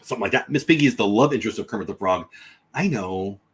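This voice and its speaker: A man with a slightly husky, breathy voice chats loosely on his livestream, thinking out loud as he answers viewers. His pitch swings widely and freely as he goes. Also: expressive, fast. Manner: chatty, rambling, thinks out loud. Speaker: livestream host. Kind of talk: casual livestream chat reading comments.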